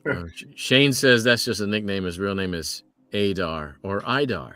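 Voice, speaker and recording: A man's voice: on the low side, lively intonation, moderate pace, sharp tone, soft background music. A man who voices characters, chatting casually at a fan signing, reading out questions with wry, joking asides. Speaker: voice actor at a fan autograph signing.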